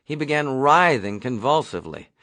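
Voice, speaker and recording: A man reading a novel aloud as an audiobook, in a measured storytelling delivery. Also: medium pitch, sing-song, bright, forceful tone, no echo. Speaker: audiobook reader. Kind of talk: novel narration.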